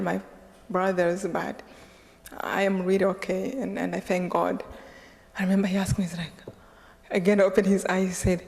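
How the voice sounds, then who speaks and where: A woman from Rwanda tells her story to a live audience as a guest speaker, laughing often and playing out both sides of a conversation. Her voice sits at a middle pitch and trails into the long reverb of a lecture hall. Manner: lively, laughing often, acting out dialogue.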